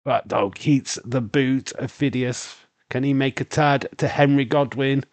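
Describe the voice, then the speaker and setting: A man's voice: medium pitch, fairly even intonation, measured pace, no room sound. A man with a Yorkshire accent hosting a casual wrestling watch-along stream, rambling on and answering chat questions with lots of fillers.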